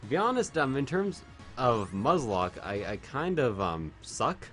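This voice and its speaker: A man's voice: mid-range voice, very animated, measured pace, a bit bright, faint music behind. Drunk, rambling streamer guy. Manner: rambling, swears a lot. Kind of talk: casual game-stream chat.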